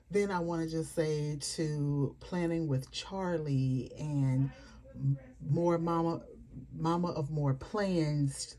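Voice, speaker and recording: A woman's voice: low voice, dark tone. A woman vlogger chatting casually at home, rambling with fillers and asides about her planners. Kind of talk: casual chat to camera.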